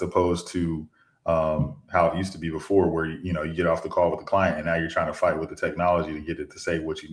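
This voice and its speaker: A man who works as a financial advisor, talking casually on a podcast and repeating himself as he searches for the right words. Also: extremely low pitch. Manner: rambling, repeats words while searching for a thought. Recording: echoey room sound.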